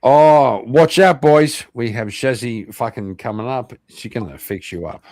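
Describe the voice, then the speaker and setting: A man with an Irish accent hosting an online interview show, chatting casually, animated and swearing freely. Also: medium pitch, measured pace, no echo, studio quality. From Ireland. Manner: animated, swears a lot, laughs often. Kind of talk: casual livestream chat.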